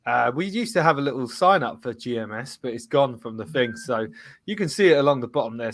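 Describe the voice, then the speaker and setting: A man's voice: mid-range voice, no room sound. Chatty man hosting a stream. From England. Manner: chatty, laughs often, reads out comments. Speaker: host. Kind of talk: casual live-stream chat.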